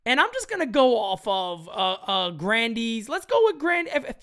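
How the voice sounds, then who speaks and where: A woman hosting a live-stream sports chat show, talking in an animated, emphatic way and greeting her chatters. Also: on the high side, normal speed. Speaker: sports talk show host.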